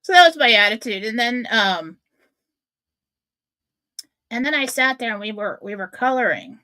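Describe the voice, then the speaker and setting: A woman's voice: a little high, animated, moderate pace, pushed and bright, no room sound. A middle-aged woman hosting a radio show, telling a personal story in a candid, self-mocking way. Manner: candid, self-mocking, acts out her own thoughts.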